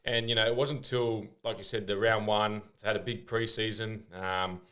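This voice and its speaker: A young Australian man chatting on a podcast, his voice sitting a little low. He tells rambling stories full of fillers and restarts in a relaxed, easy way. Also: normal speed. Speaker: podcast guest. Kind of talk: casual interview chat.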